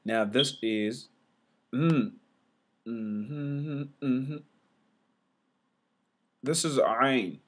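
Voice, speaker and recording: A man talks through a relaxed whiteboard lesson at an unhurried pace. He repeats each letter sound several times, with fillers and restarts, and his voice sits at an ordinary middle pitch. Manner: slow, repetitive, sounds letters out loud. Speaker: teacher.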